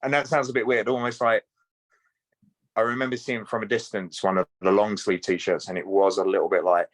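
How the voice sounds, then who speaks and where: A British man chats as a podcast guest, polite and a little hesitant, with plenty of pauses. His voice is fairly low, and the sound is dry and close. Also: flat delivery, no echo, low-quality recording. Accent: British English. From Britain. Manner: hesitant, polite, lots of ums. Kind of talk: casual chat. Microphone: video call.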